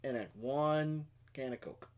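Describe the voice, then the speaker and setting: A man's voice: medium pitch, measured pace, darkish tone, lo-fi sound. A middle-aged man co-hosting a casual live stream, telling stories in a rambling way with many restarts. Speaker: co-host of a homestead live stream. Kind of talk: casual chat.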